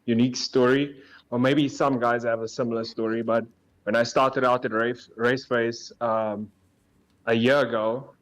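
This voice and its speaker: Man, sim racing driver, race winner, elated, giggly, mid-range pitch. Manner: overjoyed, laughing between words. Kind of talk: post-race interview over a call.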